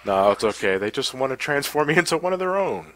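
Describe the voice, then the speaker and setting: On his game livestream, a man with a cold chatters fast and very animatedly, reading out chat messages and laughing often. His mid-range voice has a fairly bright tone, and the recording is rough.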